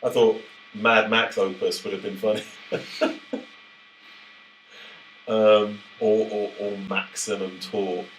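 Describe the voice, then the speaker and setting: Very low male co-host, loose and jokey, trails off and restarts, casual podcast chat. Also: level tone, slow pace, pauses often, a little hiss or hum, poor audio. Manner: rambling, self-interrupting, jokey.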